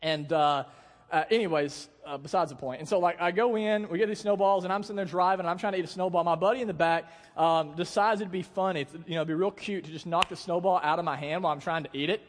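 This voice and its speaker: Young male pastor, high voice, casual jokey sermon delivery, church hall with long reverb. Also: quick pace. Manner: casual, joking storytelling with acted-out quotes.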